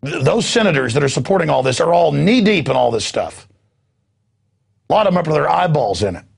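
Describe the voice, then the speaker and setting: Gravelly ranting male news host. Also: big pitch swings, a little fast. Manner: ranting, mocks others in shrill put-on voices. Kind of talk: impassioned political monologue.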